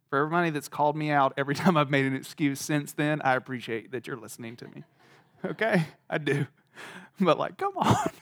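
A man's voice: fairly high pitch, no echo, clean studio sound. A man teaching a Bible lesson in a casual, conversational way, laughing now and then and using lots of "like.". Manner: conversational, laughing, many "like" fillers.

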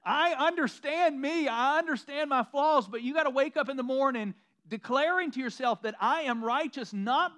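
Here a pastor speaks from the pulpit in a chatty, self-mocking manner, breaking into sarcastic quoted lines. The man's voice is very high with a fairly bright tone.

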